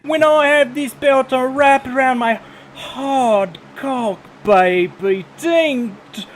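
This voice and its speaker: A man with an extremely high voice croons a mock-seductive rap promo, drawing out each line slowly and breathing out crude innuendo. Faint noise hums under the recording. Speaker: YouTuber in a played clip.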